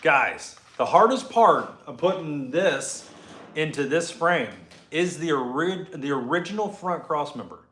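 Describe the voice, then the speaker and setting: A man's voice: on the high side, lively intonation, unhurried, a bit bright, roomy sound, slight background noise. A man hosting a casual live chat from his garage, answering viewer comments as he rambles, laid-back and profane. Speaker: host and car builder.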